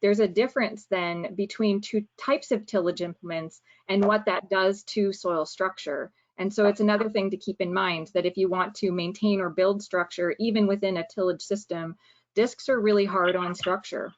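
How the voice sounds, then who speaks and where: A woman's voice: medium pitch, fairly even intonation, normal speed. A woman soil specialist presenting in an online webinar, explaining at length with fillers and self-corrections. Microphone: video call. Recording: dull lo-fi call audio.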